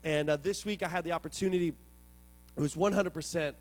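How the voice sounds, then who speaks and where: A man with a fairly high voice preaches to his congregation, telling stories with plenty of animation. He drops to quiet reflection, then surges into loud excitement. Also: fairly quick. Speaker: pastor. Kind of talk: sermon.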